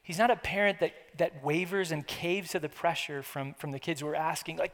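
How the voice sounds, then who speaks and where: A man's voice: a little high, a little fast, hardly any pauses, fairly bright tone, in a large hall. A man preaching a sermon as a pastor, earnest and conversational, often repeating phrases for emphasis.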